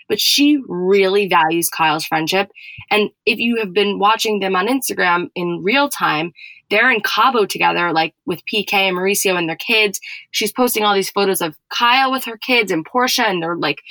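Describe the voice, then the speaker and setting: A woman's voice: medium pitch, bright, forceful tone, no echo, low-quality recording. A woman co-hosting a podcast, chatting casually about a reality show with lots of "like" fillers. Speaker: podcast co-host. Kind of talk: casual chat recapping reality TV.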